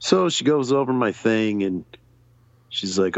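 A man's voice: fairly low pitch, expressive, a little slow, dry recording, dull audio. A man telling a long personal story in casual, profane chat, acting out other people's lines as he goes. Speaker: podcast guest.

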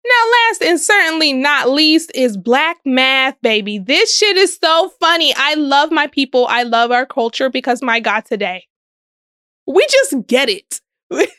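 A woman's voice: high voice, lively intonation, a little slow, sharp tone, no echo, clean studio sound. A young woman hosting a casual commentary podcast, sassy and emphatic, often laughing and drawing out words for stress. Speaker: podcast host. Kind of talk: casual social media commentary.

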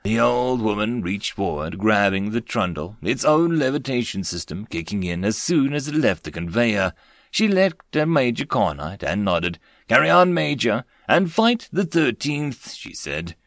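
A man narrating a web-novel audiobook in an expressive storytelling manner, close to the mic. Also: on the low side, normal speed, dry recording.

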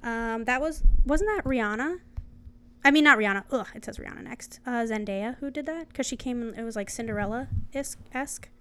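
A woman's voice: fairly high pitch, normal speed, pushed and bright, a little hiss or hum. A young woman co-hosting a casual chat, reading notes aloud and then riffing on them with giggles. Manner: chatty, giggly, reads aloud then riffs. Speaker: podcast co-host.

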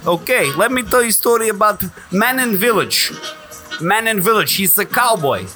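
A man's voice: high-pitched, expressive, normal speed, over music, voice pushed up. A man playing a Russian child in a put-on Russian accent, telling a story in sing-song broken English. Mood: storytelling.

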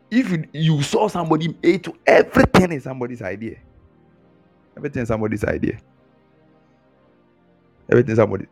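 A man preaching a sermon, teasing his listeners with mocking imitations and chuckles. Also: mid-range voice. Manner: animated, mocking mimicry, frequent chuckles.

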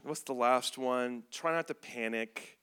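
A man preaching a sermon as a pastor, animated and comedic, acting out little scenes to make his point. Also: mid-range voice, measured pace, smooth.

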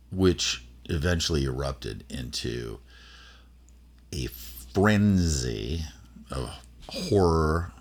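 Casting note: middle-aged man, very deep, slow, husky, halting fireside storytelling. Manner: rambling, halting, many fillers and restarts. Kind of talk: personal storytelling.

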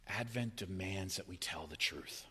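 A man preaching a sermon in a church, swinging between loud, raised cries and hushed, low passages. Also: unhurried, husky. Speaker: pastor. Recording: long hall reverb.

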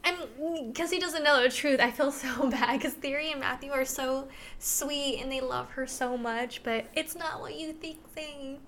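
Brief: woman co-host, high bright voice, giggly animated retelling, light hiss. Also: a little slow. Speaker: podcast co-host reviewing a book. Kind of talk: casual chat.

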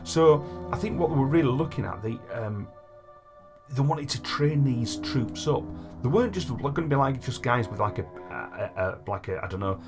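Music plays in the background as a man with a medium-pitched, expressive voice talks at a moderate pace. Hosting a podcast, he reads long history-note passages aloud and, in between, chats casually using fillers such as "like" and "you know."

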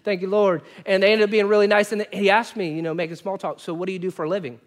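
A male pastor with a high-sitting voice talks fast while preaching a sermon. His storytelling is animated, swinging between loud bursts and quiet asides.

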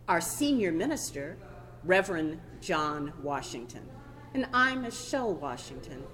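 Bright, lively woman co-hosting a church podcast. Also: on the low side, a little hiss or hum. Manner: warm storytelling, some halting fillers. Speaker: pastoral nurse and podcast co-host.

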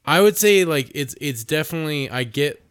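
A man's voice: a little high, lively intonation, a little fast, smooth, no room sound, clean studio sound. Swearing man reviewing a movie. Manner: swears freely, loose and laughing. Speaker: podcast co-host. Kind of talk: casual movie review chat.

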